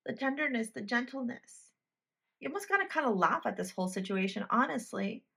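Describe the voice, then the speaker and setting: A woman's voice: a little high, animated, a little fast, creaky, pushed and bright, husky. A woman reading tarot cards for a pick-a-card video, talking straight to the viewer in a blunt, emphatic way and swearing freely. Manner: addresses the viewer directly. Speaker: tarot reader.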